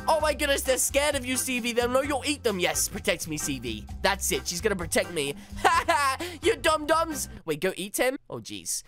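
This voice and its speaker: A man's voice: very high-pitched, big pitch swings, moderate pace, hardly any pauses, sharp tone. A man giving playful, dramatic and whiny commentary while playing a video game. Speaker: gaming YouTuber. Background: game music.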